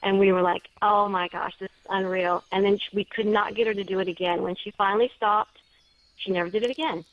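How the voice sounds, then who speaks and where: A woman author earnestly recounts a story as an interview guest, at a middling pitch. The sound is dull and lo-fi, with a dry, close feel. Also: fairly even intonation, fast talker, no room sound.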